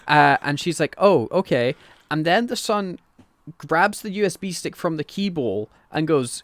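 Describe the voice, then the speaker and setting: A man's voice: on the high side, measured pace, no room sound. A man co-hosting a podcast, chatting casually as he recaps a TV plot, swearing often and acting out the characters' lines. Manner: animated, sweary, acts out quotes. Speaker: podcast co-host. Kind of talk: casual chat recapping a TV show.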